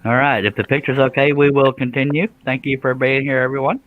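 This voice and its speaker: A man's voice: mid-range voice, fairly even intonation, fairly quick, phone-quality sound, slight background noise. A middle-aged man hosting a live stream, chatting casually, joking about himself and greeting viewers by name.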